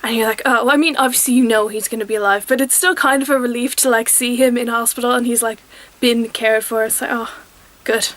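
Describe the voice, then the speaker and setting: A woman's voice: on the high side, fairly even intonation, quick pace, fairly bright tone. A young woman reviewing a TV episode in casual, enthusiastic, rambling chat, often acting out quotes. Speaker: TV review vlogger.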